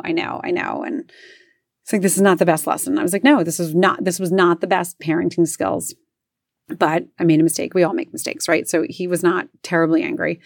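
A woman's voice: lowish voice, no echo, clean studio sound. A woman in her forties casually telling a self-mocking story, acting out what everyone said. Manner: chatty, self-mocking, acts out quotes. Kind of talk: casual anecdote.

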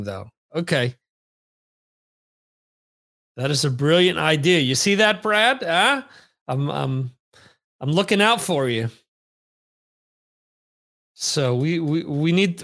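A podcast host with a somewhat high, slightly bright voice talks slowly and animatedly, leaving long pauses. He chats casually and reads viewer comments aloud, rambling, joking, and often stopping to correct himself.

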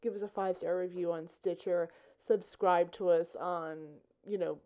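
Woman, hoarse from a cold, podcast host, mellow tone, rambling, chatty. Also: fairly low pitch, steady tone, moderate pace. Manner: rambling, chatty, with small laughs. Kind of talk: casual podcast intro.

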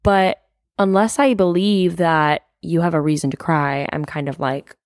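She's a young woman on a solo podcast, her fairly low, darkish voice moving a little slowly with fairly even intonation. Open and confiding, she peppers her talk about her feelings with "like" and casual swearing. The sound is dry and studio-clean.

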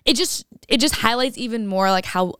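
A woman's voice: on the high side, normal speed, clean tone, no echo, clean studio sound. A young woman co-hosting a podcast, chatting casually and animatedly with lots of fillers. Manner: chatty, lots of "like", animated when retelling scenes. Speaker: podcast co-host. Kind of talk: casual chat.

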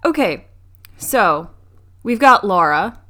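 A woman's voice: mid-range voice, sing-song, slow, a bit bright. A young woman co-hosting a podcast, casually recapping a movie's plot with frequent ums and restarts. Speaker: podcast co-host.

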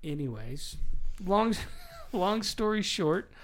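A man in his forties, a father hosting a casual family chat, telling animated stories and laughing often as he goes. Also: sits high, slow. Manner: animated storyteller, laughs often, does voices for quoted people. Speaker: father, podcast host.

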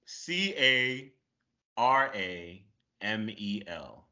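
Lively, bright-toned man guest, lo-fi. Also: on the low side, extremely slow. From Massachusetts, USA. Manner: upbeat, encouraging, playful. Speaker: guest actor. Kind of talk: casual chat. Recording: dull lo-fi audio.

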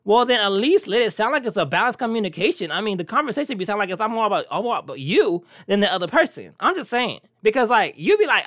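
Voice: mid-range voice, very animated, fast talker, few pauses, a bit bright, dry recording, clean studio sound. A talk show host in a casual solo chat, sassy, brash and teasing with the listeners. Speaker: podcast host.

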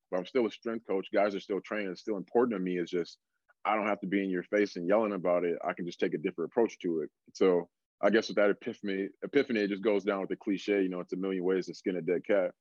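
A young adult man with a fairly low voice talks through his coaching stories in an easygoing, rambling way, peppering everything with "like". The sound is dry and a little dull, as if from a lo-fi recording. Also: quick pace, no room sound. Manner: relaxed storytelling, many fillers like "like". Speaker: strength coach. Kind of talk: casual podcast conversation.

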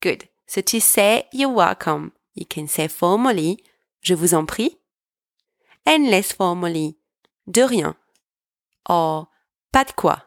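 A woman leads a language lesson at a very slow, patient pace, leaving pauses for learners to repeat after her. Her voice sits a little low, and the recording is dry and close with no room sound. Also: animated, no echo. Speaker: language teacher.

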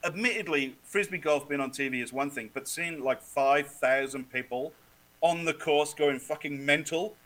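A man from Wales, a guest on a sports podcast, telling lively stories, swearing freely and laughing often. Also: on the high side, moderate pace, low-quality recording. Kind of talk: casual chat.

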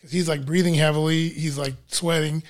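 A man's voice: fairly high pitch, fairly even intonation, brisk. A man casually recounting his side of a story as a guest, in a loose, laid-back way.

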